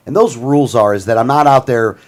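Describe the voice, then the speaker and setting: Fast-talking blunt man. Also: mid-range voice, darkish tone. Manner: blunt, rapid, with restarts and emphatic asides. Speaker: co-host. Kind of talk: casual talk show chat.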